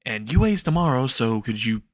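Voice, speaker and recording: Man putting on an excitable teen boy. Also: mid-range voice, normal speed, no room sound, lightly acted. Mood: pleading. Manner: excitable, rambling, stammering. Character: eager nervous teen boy hero hopeful.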